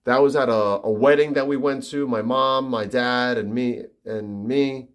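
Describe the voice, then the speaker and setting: A man in his fifties live-streaming from his family home indoors, chatting casually with viewers and reading their comments aloud, often trailing off quietly. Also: medium pitch, steady tone, a little slow. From New York. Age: 50s.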